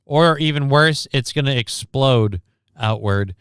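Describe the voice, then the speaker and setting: A man's voice: mid-range voice, unhurried, fairly bright tone, smooth, no echo, studio quality. A man streaming casual reaction commentary on a news clip, sarcastic and rambling, reading chat comments aloud.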